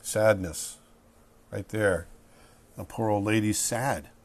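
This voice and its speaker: A middle-aged man narrating a drawing tutorial, relaxed and thinking aloud as he sketches. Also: lowish voice, slow. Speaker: drawing instructor.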